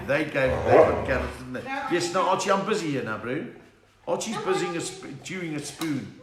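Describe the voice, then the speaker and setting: A middle-aged man with a South African accent, a comedian telling jokes and chatting with viewers on a home livestream. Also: on the high side. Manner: chatty, bursts into laughing song bits. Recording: echoey room with faint hiss.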